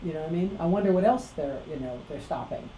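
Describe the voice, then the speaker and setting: A woman's voice: low-pitched, animated, quick pace, warm tone. A woman hosting a podcast, chatting casually and animatedly, often mimicking people in quotes. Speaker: podcast host. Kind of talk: casual chat. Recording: roomy room with faint noise.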